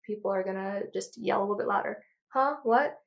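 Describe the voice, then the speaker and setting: A woman in her thirties, an audiologist, talking passionately and quickly in an interview, a bit out of breath. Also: medium pitch, monotone, vocal fry, dull audio. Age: 30s. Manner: passionate, rapid lecturing. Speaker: audiologist guest. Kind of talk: enthusiastic interview talk.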